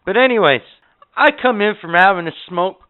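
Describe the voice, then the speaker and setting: A man hosting a podcast, telling an anecdote casually with lots of swearing and animated delivery. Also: high voice, moderate pace, clear, resonant tone. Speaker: podcast host. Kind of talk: casual storytelling. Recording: tinny phone-like sound.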